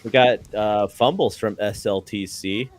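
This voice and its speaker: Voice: medium pitch, a little slow, noisy background. A co-caster on a live card game stream who introduces a player with enthusiasm.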